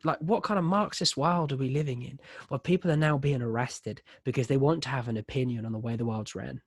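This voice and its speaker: A man's voice: mid-range voice, a little fast, breathy edge, no room sound, studio quality. A man hosting a podcast, teasing his friend in casual, laughing chat with plenty of swearing. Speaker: podcast host.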